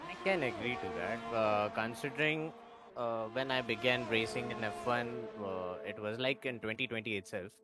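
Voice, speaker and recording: A man's voice: mid-range voice, moderate pace, over loud music. A man co-commentating a sim race, chatty and hesitant with many fillers. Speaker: co-commentator and racer.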